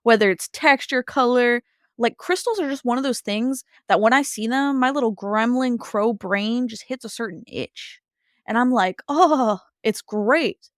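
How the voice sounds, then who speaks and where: A woman co-hosting a podcast in casual chat, gushing and animated, with lots of "like" and "um". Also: fairly high pitch, unhurried, dry recording, clean studio sound. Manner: gushing, animated, chatty with many fillers. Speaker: podcast co-host.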